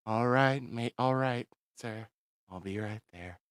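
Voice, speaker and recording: A man's voice: mid-range voice, takes it slowly, clear, resonant tone, no echo, clean studio sound, close to an everyday voice. A man playing a hesitant army major. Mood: placating. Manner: hesitant, placating.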